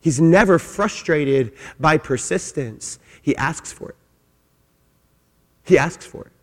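A man preaching a sermon as pastor, emphatic, repeating his phrases and swinging between loud and soft. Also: a little high, lively intonation, slow. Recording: long hall reverb.

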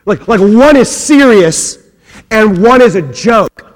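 A man preaching a sermon, swinging between loud, raised passages and hushed, quiet ones, acting out quoted voices with humorous asides. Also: high voice, expressive, slow. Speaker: pastor. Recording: long hall reverb.

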